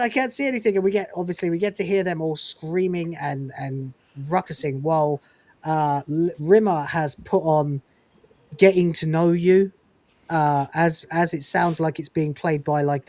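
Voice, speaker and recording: A woman host gives an animated, swearing review in casual chat, her voice sitting low. The sound is dry and close, with no room reflection. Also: dry recording. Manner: animated, profane, ranting. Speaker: podcast host.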